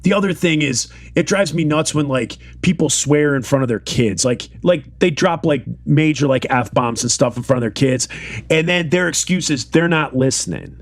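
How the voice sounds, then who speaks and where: A man's voice: fairly high pitch, normal speed, no room sound. A man with a slightly raised voice co-hosts a casual podcast, ranting in a rambling way full of "like" and restarts. His voice sounds dry and close to the mic. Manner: rambling, filler-heavy rant. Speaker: podcast co-host.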